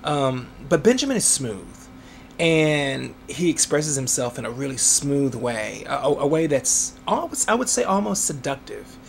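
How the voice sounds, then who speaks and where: A man's voice: medium pitch, very animated, a little slow, gravelly, slight background noise. A man, an author, answering interview questions in a chatty way, laughing often and using many fillers.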